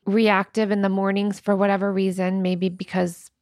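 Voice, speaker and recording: A woman in her thirties or forties chatting candidly as a podcast co-host. Her mid-pitched voice has a gravelly fry, and she speaks openly and often breaks into laughter. The recording is close and dry. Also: little pitch movement, normal speed, darkish tone, no room sound. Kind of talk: casual chat.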